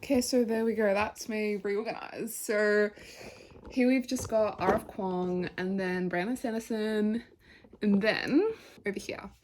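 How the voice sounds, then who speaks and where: A woman's voice: medium pitch, fairly even intonation, measured pace, a little mellow, slight background noise. A young woman chatting casually in a reading vlog at home by her bookshelves. She gushes about what she reads and often drops into a near whisper. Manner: gushing and chatty, drifts into whispers and laughter. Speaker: book vlogger.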